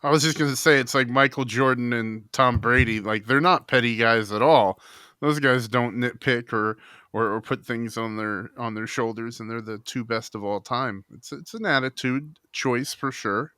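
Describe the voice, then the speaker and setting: A man's voice: mid-range voice, steady tone, moderate pace, pushed and bright, clear, resonant tone, no room sound. A man co-hosting a casual baseball podcast, chatty with some hesitant fillers. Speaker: podcast co-host.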